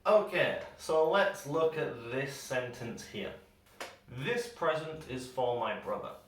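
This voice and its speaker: A man teaching English pronunciation, slowing down and stretching words to show each sound. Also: medium pitch, animated, far from the mic. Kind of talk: pronunciation lesson. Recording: very echoey room, voice set back from the mic.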